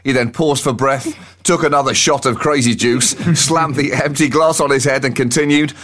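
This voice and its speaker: A man co-hosting a satirical comedy podcast, delivering news items with sardonic mockery. His voice sits at a middle pitch and he often laughs into his own lines. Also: normal speed, hardly any pauses, fairly bright tone. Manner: sardonic, mocking, breaks into laughter. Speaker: co-host.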